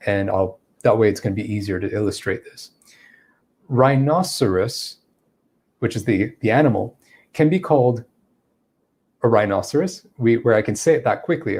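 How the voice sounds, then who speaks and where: A man's voice: mid-range voice, a little mellow. A man giving a live-streamed English lesson, explaining step by step and acting out spoken examples. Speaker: English teacher.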